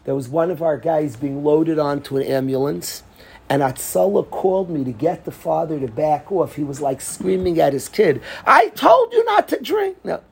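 A rabbi leads a lively Torah class, telling the story with energy, acting out quotes, laughing often, and mixing Hebrew and Yiddish terms into his English. His voice is a little high, gravelly, and slightly rough, at normal speed.

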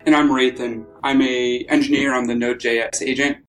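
A man, a software engineer guest, introducing himself in a casual interview with a flat, casual delivery. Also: medium pitch, normal speed, very noisy.

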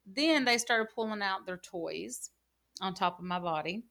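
A woman's voice: medium pitch, unhurried, a bit bright. A woman in casual gaming chat, telling rambling stories full of "like" and "you know.". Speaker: gaming channel co-host.

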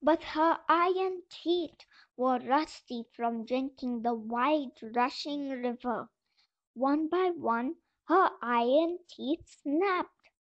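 A woman reads a folk tale aloud in a gentle, measured way. Her voice is high and her pace slow. The recording sounds dull and lo-fi. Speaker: storyteller. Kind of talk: storybook reading. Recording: dull lo-fi voice message.

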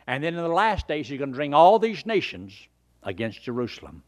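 An older man preaching a sermon and telling his own conversion story in an earnest, folksy way, swinging from loud emphasis down to hushed near-whispers. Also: on the high side, sing-song, a little fast. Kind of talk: sermon with personal testimony.

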